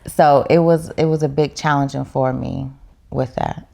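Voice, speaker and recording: Woman, very deep voice, gravelly edge, podcast guest, heartfelt reflective chat. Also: fairly even intonation, normal speed, dark tone. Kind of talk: casual chat.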